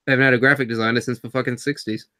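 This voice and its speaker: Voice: mid-range voice, level tone, rapid-fire, sharp tone. A co-host joking in a casual wrestling chat, with teasing, sarcastic banter. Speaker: podcast co-host.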